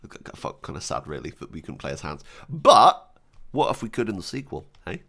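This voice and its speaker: A young man chatting casually and excitedly as a streamer, joking and giggling between wishes. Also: low-pitched, fairly quick, vocal fry. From Britain. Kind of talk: casual gaming chat.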